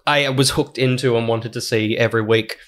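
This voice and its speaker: A man, co-hosting a casual podcast chat, relaxed and quick to laugh, often trailing off mid-sentence. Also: mid-range voice. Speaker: podcast co-host.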